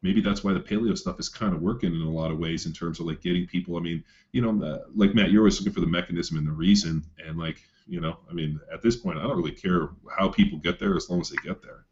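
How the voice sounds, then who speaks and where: Deep and low, a man talks loosely and at length, swearing freely and leaning on fillers like a coach swapping stories. The sound is dull and lo-fi, as if from a cheap podcast mic. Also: fast, few pauses, a little mellow. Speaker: coach telling a client story. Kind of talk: casual podcast chat.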